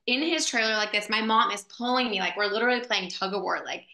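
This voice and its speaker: Bright echoey woman telling a story. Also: medium pitch, quick pace. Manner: animated, lots of fillers. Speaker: actress guest. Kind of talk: casual storytelling in an interview. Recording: echoey room.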